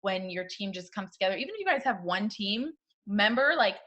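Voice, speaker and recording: A woman's voice: medium pitch, animated, fairly quick, fairly bright tone, muffled recording. A woman co-hosting a casual motivational chat who cheers her guest on and laughs often.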